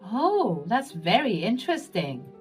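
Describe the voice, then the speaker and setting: Lady doing a fake-sweet older mother-in-law, slow and syrupy, sing-song. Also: mid-range voice, very animated, soft background music. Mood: falsely sweet.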